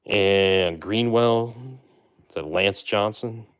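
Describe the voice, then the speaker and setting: A man hosting a live stream, chatting casually and making relaxed asides to his viewers. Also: on the low side, slow pace, clear, resonant tone. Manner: chatty, relaxed, trails off with fillers and asides to chat. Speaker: livestream host opening baseball card boxes.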